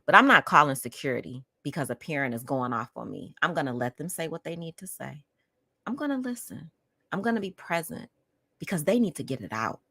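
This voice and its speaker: A woman's voice: sits low, big pitch swings, fairly quick, vocal fry, bright, forceful tone, slightly rough, no room sound. A woman hosting a podcast, telling a personal story in an outspoken, emphatic way and talking straight to her listeners. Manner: emphatic, addresses listeners directly; outspoken and heated. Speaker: podcast host.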